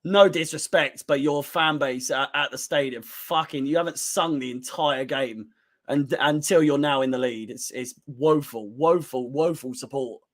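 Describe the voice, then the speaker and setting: A man's voice: mid-range voice, normal speed, fairly bright tone. A man hosting a live fan watchalong, giving blunt, emotional commentary on a football match with frequent swearing. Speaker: fan channel host.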